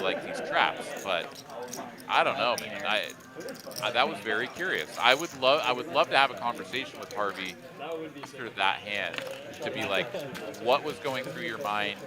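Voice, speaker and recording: A man calling a live poker game, chatting loosely and circling his thoughts with plenty of fillers. His voice sits at an ordinary middle pitch. Crowd chatter carries underneath. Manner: rambling, thinks aloud with many fillers. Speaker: poker commentator. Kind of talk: live poker commentary, casual banter.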